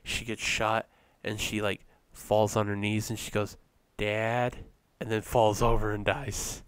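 A man co-hosting a casual podcast, his voice low-set and smooth. He rambles along with fillers and restarts, and the sound is dry and close. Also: monotone, measured pace, dry recording. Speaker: podcast co-host. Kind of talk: casual chat.

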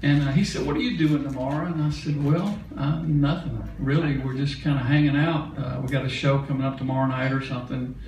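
A man's voice: medium pitch, fairly even intonation, brisk, few pauses, a little mellow, a little hiss or hum. Folksy older man telling a stage story. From Mississippi. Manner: folksy, chatty, laughing now and then. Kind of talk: onstage storytelling. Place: concert hall stage. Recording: echoey concert hall from a distance.

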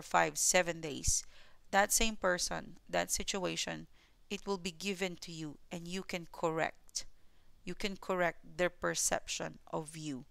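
A woman with a blended Filipino and New Zealand accent reads tarot for viewers in a lowish, gravelly voice that's a bit bright, clear, and resonant, with no room sound. She's repetitive and reassuring, often tacking on "okay?".

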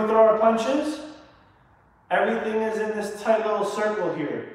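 Echoey martial arts coach calling combos. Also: male voice, high voice, normal speed, recorded from a distance. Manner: calls out punch combos, coaching kids. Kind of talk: live online kids' class. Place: training studio.

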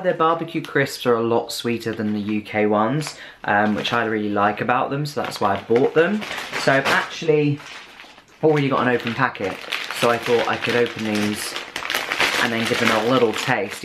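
A man's voice: on the low side, noisy background. A British man from the UK, a vlogger chatting enthusiastically through a casual food haul taste test. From United Kingdom.

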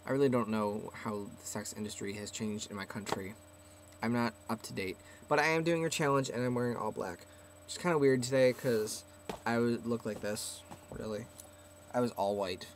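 A man's voice: medium pitch, moderate pace. Teen boy vlogger, seventeen, rambly and self-deprecating, talking from a closet with a faint hiss behind. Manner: rambling, self-mocking, trailing off. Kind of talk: casual webcam vlog. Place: small closet, indoors.

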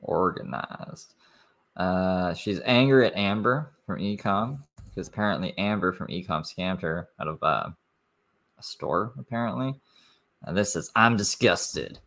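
Sarcastic low-voiced male commentator. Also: unhurried, fairly bright tone. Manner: sarcastic and incredulous. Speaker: commentary streamer. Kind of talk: live-stream commentary.

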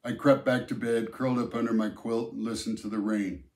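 A man narrating a novel aloud in the first person, telling the story in a measured, plain way. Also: medium pitch, level tone, darkish tone. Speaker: audiobook narrator. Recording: roomy echo.

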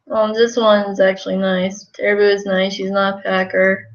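A woman's voice: mid-range voice, level tone, normal speed, few pauses, dull audio. A woman live-streaming a game, rambling casually to her chat as she plays. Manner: rambling, talks to chat while playing.

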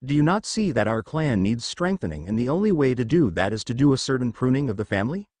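A man voicing a cold, sneering older-brother ninja in a story reading, speaking lower and quieter than his narration. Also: sing-song, fast, no echo.

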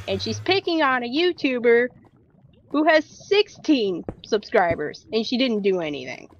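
Brief: young woman sidekick in a gaming vlog, fairly high, indignant, light background hiss. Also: lively intonation, measured pace, poor audio. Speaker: co-player. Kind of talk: casual gameplay chat.

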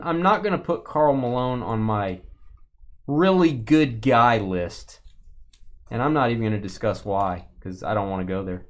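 A man's voice: mid-range voice, normal speed. A man hosting a live card break stream, chatting casually with viewers and teasing them as he opens packs. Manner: chatty, playful teasing, lively.

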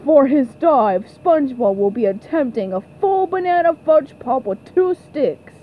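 A woman voicing an excitable male sports announcer in a cartoon fan dub. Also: high voice, a little slow, phone-quality sound, slight background noise. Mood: announcing. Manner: play-by-play commentary, exclamatory.

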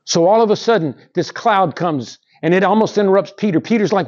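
A middle-aged man preaching a sermon in a church, with animated rises and drops and calls to the congregation. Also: high voice, fast talker, few pauses. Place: church sanctuary. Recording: dull lo-fi sound.

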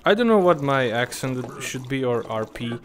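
Animated gamer guy over faint music. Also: medium pitch, moderate pace. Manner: animated, exclaims and swears, mock-polite to customers. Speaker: gaming YouTuber. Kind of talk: casual gameplay commentary.

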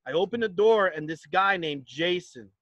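A young man from New Jersey speaking to campers, telling a personal story in an animated way and acting out the dialogue. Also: normal speed, no room sound, lo-fi sound. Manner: animated, acts out dialogue, drops low for asides. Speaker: camp speaker. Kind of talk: storytelling talk.

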